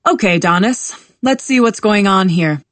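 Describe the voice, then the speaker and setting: A woman voicing a gentle, soothing male doctor. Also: lowish voice, measured pace, dry recording, lightly acted. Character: gentle middle-aged male doctor, calm and kind.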